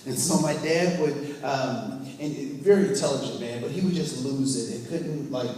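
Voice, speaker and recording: A man's voice: mid-range voice, normal speed, a little mellow. Man telling stories in an echoey hall. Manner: storytelling, asks the audience questions, acts out scenes. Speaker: workplace trainer. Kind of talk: live training talk to a group. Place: training room with a live audience. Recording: echoey hall, mic far off.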